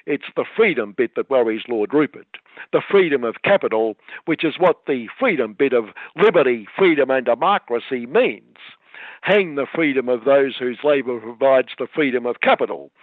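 A man's voice: medium pitch, expressive, moderate pace, no echo. A man with an Australian accent delivering satirical radio commentary with dry, sardonic irony. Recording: dry, tinny phone-like line.

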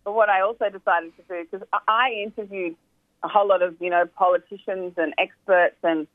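A woman's voice: medium pitch, fairly even intonation, a little fast, no echo. A woman documentary filmmaker, talking animatedly on the phone with lots of "you know" asides. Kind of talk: phone interview, chatty storytelling. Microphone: telephone. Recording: tinny phone line, dry.

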